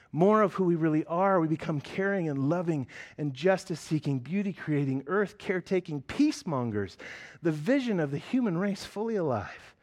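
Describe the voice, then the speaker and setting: Earnest man preaching a sermon. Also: on the high side. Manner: earnest, building to loud emphatic peaks then dropping soft. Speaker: pastor.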